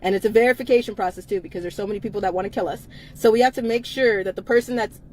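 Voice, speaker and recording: A woman's voice: mid-range voice, racing, darkish tone, slight background noise, poor audio. A woman hosting a casual livestream, talking bluntly with frequent swearing and laughter. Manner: blunt, profane, laughs often between lines. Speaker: livestream host.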